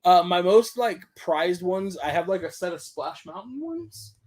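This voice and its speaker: A man's voice: high-pitched, expressive, measured pace, a crowd in the background. A young adult man co-hosting a casual chat stream, talking in a laid-back, rambling way full of fillers. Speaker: co-host.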